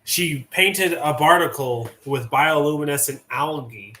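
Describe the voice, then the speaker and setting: A man's voice: mid-range voice, normal speed, pushed and bright, slight background noise. A man in his thirties, a player at a tabletop game, chatting casually and wandering into asides.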